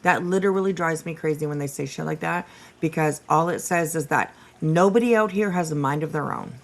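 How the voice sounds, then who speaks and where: A woman's voice: low-pitched, brisk. A woman hosting a casual reaction commentary, profane and exasperated, laughing often as she reacts to clips. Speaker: host reacting to stream clips.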